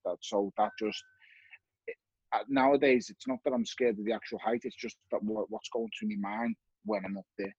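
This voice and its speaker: Guest spot: man, husky voice, candid and reflective, dry dull sound. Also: fairly low pitch, steady tone, moderate pace, darkish tone, no room sound. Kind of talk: casual chat.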